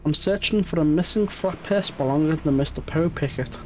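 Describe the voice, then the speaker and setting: A man voicing a composed, curious investigator in a game reading, asking polite measured questions. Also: on the high side, lightly acted. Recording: muffled stream audio, faint music.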